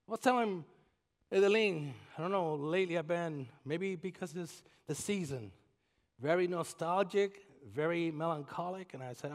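A man preaching a sermon as a guest pastor, swinging from shouted emphasis to hushed, near-whispered passages. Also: high voice, moderate pace. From Puerto Rico. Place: church sanctuary. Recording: long reverb of a large church hall.

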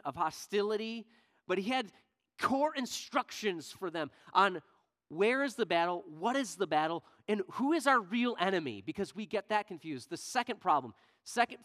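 A male pastor preaching a sermon in church, shifting from loud, emphatic questions to quiet, low asides. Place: church sanctuary.

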